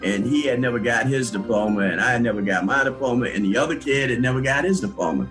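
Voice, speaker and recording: An older man telling his life story in a relaxed interview, with many restarts and small chuckles. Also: mid-range voice, fast, faint music behind, rough recording. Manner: conversational, with frequent restarts and chuckles. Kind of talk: recalling his past in an interview.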